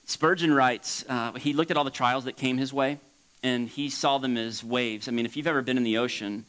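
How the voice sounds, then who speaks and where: A man from Florida preaching as a pastor, leaping up high for emphasis and dropping to a soft hush for reflection. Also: fairly even intonation, moderate pace, poor audio. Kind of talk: sermon.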